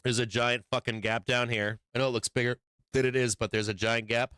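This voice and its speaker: A man's voice: mid-range voice, level tone, brisk, fairly bright tone, smooth, no room sound. A man hosting a live stock market stream who is losing his voice, reading headlines aloud and talking bluntly with lots of profanity. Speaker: stock market livestream host. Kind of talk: casual market commentary with profanity.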